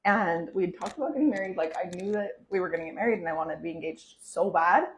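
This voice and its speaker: A woman's voice: lowish voice, fast talker, low-quality recording. Chatty young woman telling a story. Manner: chatty, heavy use of "like" fillers, animated swings when excited. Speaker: vlogger telling a personal story. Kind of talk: casual storytelling to camera.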